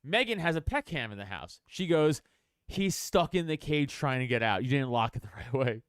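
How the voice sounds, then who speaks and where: A man's voice: moderate pace, smooth, no room sound, clean studio sound. A young man co-hosting a comedy podcast, telling a story with lots of swearing and acting out his own lines in a whiny voice. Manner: animated, swearing, acts out his own quotes in a whiny high voice. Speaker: podcast co-host.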